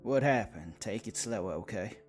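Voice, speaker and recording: A man doing a calm Southern vampire cowboy. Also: lowish voice, a little slow, soft background music. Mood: steady. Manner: steady, calming. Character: laid-back young male vampire cowboy.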